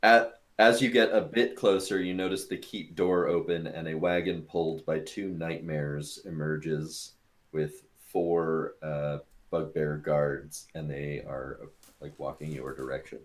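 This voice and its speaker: A man's voice: a bass voice, fairly even intonation, measured pace. A man narrating a tabletop game as game master in a casual, loose way. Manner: casual, filler-heavy narration.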